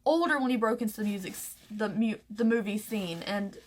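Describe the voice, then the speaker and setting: Close to crying, a young vlogger from the American South recounts something personal straight to camera. Her mid-range voice stumbles through many fillers and restarts.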